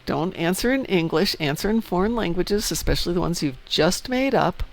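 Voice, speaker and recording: Man, from Chicago, stream host, gravelly, slightly high voice, joking, rambling. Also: animated, moderate pace. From Chicago, United States. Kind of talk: casual chat while gaming.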